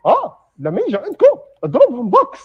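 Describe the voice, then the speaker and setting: A bee mascot on children's television, chattering in a very high, wildly swooping voice. He rattles along at a breakneck pace, coaxing and sing-song, like a kids' show host egging on a young caller. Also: huge pitch swings, racing, breathy edge, highs cut off, exaggerated voice. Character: adult man in a bee costume, children's TV host.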